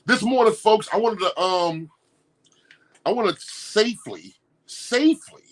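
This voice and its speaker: Animated slangy male podcast host. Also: high voice, unhurried. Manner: animated, laughing, slangy, repeats himself. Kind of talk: casual morning show chat.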